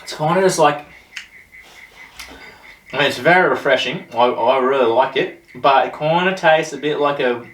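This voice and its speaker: A man with a somewhat bright, mid-range voice hosts a casual beer review show, chatting in a jokey, meandering way. He's far from the mic, so his voice sounds off-mic with a roomy echo.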